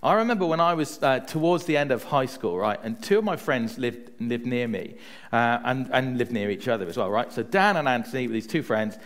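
A male preacher giving a relaxed, conversational sermon. His pitch moves a lot as he talks, rising and falling with the story. He keeps checking in with his listeners and drops into personal anecdotes to make his point. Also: fairly quick. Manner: chatty, often adds "right?" to check in with listeners.

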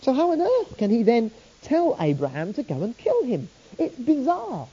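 Husky, very dark-voiced preacher. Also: medium pitch, wildly swooping pitch, normal speed, lo-fi sound. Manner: rhetorical questions, earnest storytelling. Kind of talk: sermon.

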